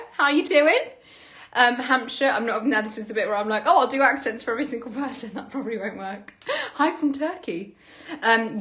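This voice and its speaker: A woman's voice: on the high side, fairly bright tone. A woman hosting a livestream from home, chatting casually and greeting viewers. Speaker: livestream host. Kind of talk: casual chat.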